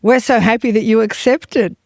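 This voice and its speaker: A woman's voice: on the high side, fairly even intonation, moderate pace, a little mellow, dry recording, clean studio sound. A woman co-hosting a podcast, asking interview questions in an upbeat, welcoming way. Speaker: podcast co-host.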